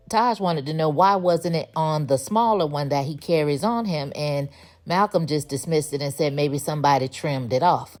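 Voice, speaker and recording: Low-voiced woman recapping a show chattily. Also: darkish tone. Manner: chatty storytelling with sassy asides. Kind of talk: casual spoken episode recap.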